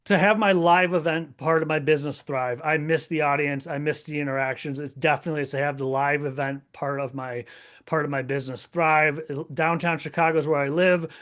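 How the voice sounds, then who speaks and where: A man speaking as a podcast guest, lively and emphatic, working through ideas with some restarts. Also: a little high, brisk, clean tone. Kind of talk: casual interview talk.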